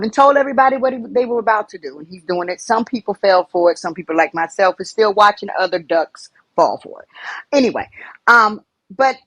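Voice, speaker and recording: A woman's voice: medium pitch, breathy edge, dry recording, low-quality recording. A woman on a video call, chatty and affectionate, asking a question with nervous restarts. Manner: chatty, calls people baby, nervous restarts. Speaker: panelist. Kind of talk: casual chat on a live stream.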